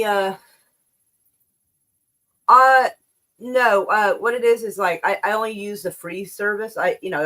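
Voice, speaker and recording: A woman's voice: fairly low pitch, a bit bright. A slightly out-of-breath woman hosting a casual livestream, rambling and swearing as she reads and comments on the news. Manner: rambling and profane, with many restarts.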